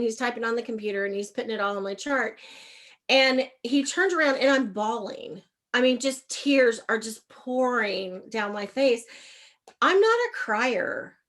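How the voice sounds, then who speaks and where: A middle-aged woman with a somewhat high voice tells a frank personal story as a guest on an interview podcast. She is animated and brings the quoted exchanges to life with rises and falls in pitch and loudness. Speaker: guest, leadership coach.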